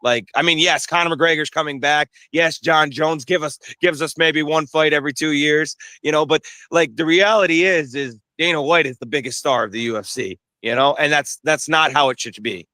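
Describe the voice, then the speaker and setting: Young guy fighter chatting, bright smooth voice, dry close sound, lots of uh and restarts. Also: fairly high pitch, dry recording. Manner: halting, many restarts and fillers. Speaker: bare-knuckle fighter, interview guest. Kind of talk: casual interview chat.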